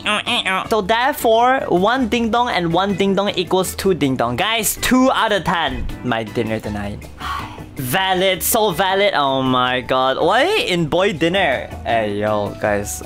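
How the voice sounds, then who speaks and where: A young man, a VTuber streamer giving hyper, theatrical comedy reactions full of drawn-out exclamations and crude jokes. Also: high-pitched, fairly bright tone.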